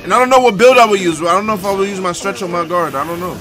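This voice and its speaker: Excitable high-voiced male streamer. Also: racing, music in the background. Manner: excitable, profane banter with chat. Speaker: live streamer. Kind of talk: live reaction stream.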